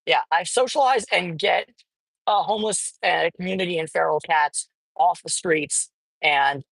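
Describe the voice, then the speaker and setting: A woman's voice: on the low side, measured pace, vocal fry, a bit bright, breathy edge, no room sound, rough recording. A woman vlogging casually while driving, rambling with lots of fillers and swearing now and then inside a car. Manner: rambling, profane, many fillers.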